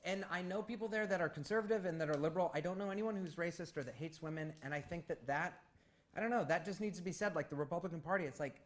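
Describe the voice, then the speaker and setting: A woman's voice: lowish voice, fast talker. A woman from Ohio co-hosting a casual post-debate chat. She is opinionated and uses casual slang, restarting her sentences often. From Ohio, United States. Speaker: co-host of a post-debate commentary show.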